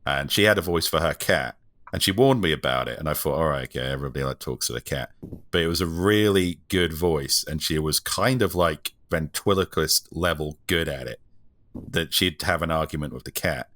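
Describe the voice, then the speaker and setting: A man's voice: extremely low pitch, moderate pace, a bit bright. A man co-hosting a podcast, telling stories in a dry, joking way. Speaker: podcast co-host. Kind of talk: casual chat.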